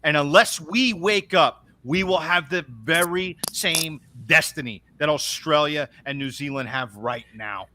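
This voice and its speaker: A man's voice: a little high, a little slow, few pauses, bright, forceful tone, a little hiss or hum. A man speaking as a guest on a livestream in an urgent, alarmed, preachy way over a video call. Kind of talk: livestream chat. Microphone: video call stream.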